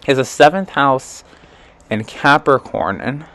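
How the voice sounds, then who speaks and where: A man's voice: mid-range voice, takes it slowly, fairly bright tone. Rambling man reading an astrology chart. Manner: rambling, full of "like" and "um", chuckling asides. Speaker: tarot and astrology reader.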